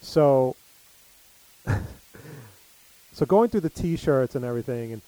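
A man's voice: medium pitch, lively intonation, slow, warm tone, no echo, low-quality recording. A middle-aged man telling stories in casual chat, full of fillers. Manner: rambling storyteller, many fillers.

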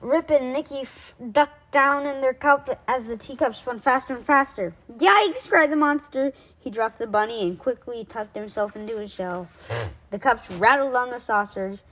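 Bright-voiced woman reading a storybook. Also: on the high side, normal speed, rough recording. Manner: lively, with small slips and corrections. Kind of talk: storybook read-aloud.

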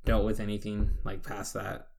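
A man's voice: fairly low pitch, monotone, normal speed, creaky, a little mellow. A man casually telling a spooky story on a podcast, cursing and rambling, acting out the other people's lines. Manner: profane, rambling, acts out quoted voices. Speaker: podcast co-host.

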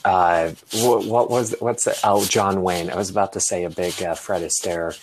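A man's voice: deep voice, steady tone, moderate pace, slight background noise. A man chatting casually on a podcast, hesitant, full of likes and ums. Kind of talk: casual chat.

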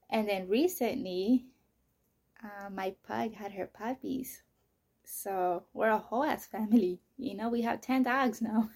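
A woman hosting her own podcast, telling a personal story in a casual, rambling, profane way, full of "you know" and "like", often dropping into soft, breathy near-whispers. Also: medium pitch. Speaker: podcast host.

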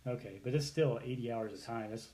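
A man's voice: medium pitch, brisk. A man co-hosting a casual chat, rambling and correcting himself as he talks. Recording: echoey room with clear noise.

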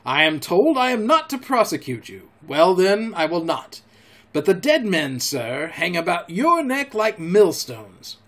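A man voicing a stern, pompous gentleman squire who scolds in formal speech. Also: sits high, big pitch swings, a little slow, full character voice. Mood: indignant.

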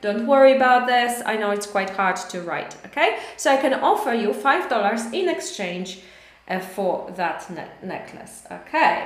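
A woman's voice: mid-range voice, animated, normal speed. Chatty Polish-accented woman teaching English. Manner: chatty, encouraging, many fillers. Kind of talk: live online English lesson. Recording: echoey room.

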